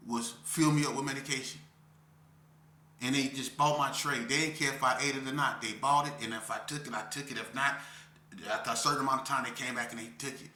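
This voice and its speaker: A man telling an emotional story of his past as an interview guest, talking intensely in street slang and repeating himself, swinging from near shouts down to a low voice. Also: echoey room. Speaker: interview guest recounting prison life.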